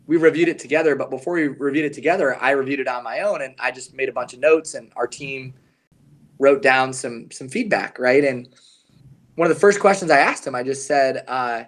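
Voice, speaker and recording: A man co-hosting a podcast, telling a coaching story in an earnest, emphatic way and slowing down on his key points. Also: mid-range voice. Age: adult, past his young advisor years. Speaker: podcast co-host, advisor coach.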